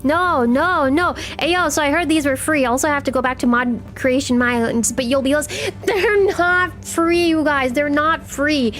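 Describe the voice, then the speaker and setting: High-voiced playful young woman streamer. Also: normal speed, few pauses, fairly bright tone. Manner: playful, teasing repetition. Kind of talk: live game stream chat.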